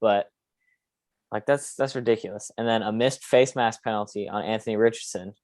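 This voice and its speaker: Brief: young male podcast host, low voice, dry close mic, opinionated, rambling. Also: moderate pace, a little mellow, no room sound. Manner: opinionated, rambling with frequent fillers. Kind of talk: casual sports podcast chat.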